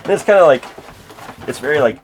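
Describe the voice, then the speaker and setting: A man's voice: fairly high pitch, expressive, quick pace, slight background noise. A man in his thirties, a game collector chatting casually at home, rambling with lots of fillers and restarts. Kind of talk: casual interview chat.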